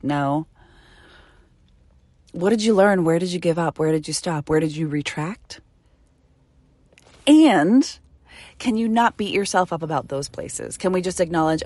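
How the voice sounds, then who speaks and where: An earnest woman with a low voice hosts a solo podcast, speaking intimately into a studio microphone with no echo. She sounds heartfelt and eases down to a soft whisper at tender moments.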